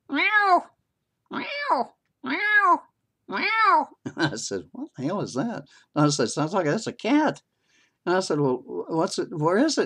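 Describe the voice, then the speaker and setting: Older man telling a folksy story. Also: fairly low pitch. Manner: folksy, chuckling, many fillers. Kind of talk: casual spoken storytelling.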